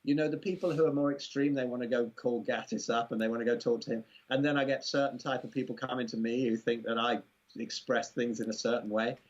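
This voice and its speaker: Englishman, husky voice, rambling chatty interview guest on a muffled lo-fi recording. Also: mid-range voice, fairly even intonation, fast talker. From England. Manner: rambling, amused, full of "you know" asides. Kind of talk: casual conversational interview.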